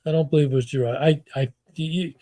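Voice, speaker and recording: A man's voice: fairly high pitch, steady tone, a little fast, mellow, dry recording. An older man, a former football front-office executive, telling rambling stories as an interview guest, with lots of restarts and acted-out quotes. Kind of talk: anecdotal interview storytelling.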